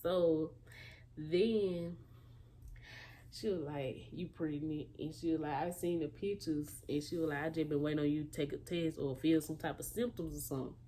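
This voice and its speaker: Young woman telling a lively storytime. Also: deep voice, normal speed, slight background noise. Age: young adult. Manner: animated storytelling, acting out quotes. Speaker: vlogger. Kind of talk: casual storytime.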